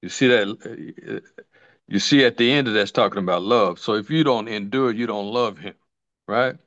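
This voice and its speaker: A man preaching a sermon, fervent, often calling out hallelujah and slowing down to stress scripture. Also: fairly low pitch, fairly bright tone, no echo. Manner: fervent, repeats hallelujah, stretches scripture words slowly. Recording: dull lo-fi sound.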